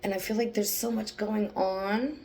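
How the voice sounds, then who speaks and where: A young woman who gives an intuitive psychic reading, thinking aloud, hesitating and pausing to focus. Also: mid-range voice, fairly even intonation, dark tone, slight background noise. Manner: hesitant, restarts, pauses to focus. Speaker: psychic channeler.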